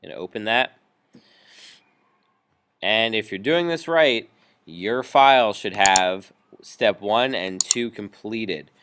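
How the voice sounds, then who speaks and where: A man teaching a music software tutorial, explaining each step patiently with frequent ums. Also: fairly low pitch, animated, slow pace, long pauses. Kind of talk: screen-recorded software tutorial.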